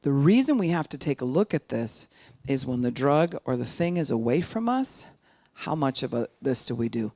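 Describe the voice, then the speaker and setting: An older speaker at an addiction recovery outreach gives an informal teaching talk, animated and sometimes slowing right down to make a point. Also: medium pitch, no echo. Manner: animated, acts out quoted voices, sometimes slows speech right down to demonstrate.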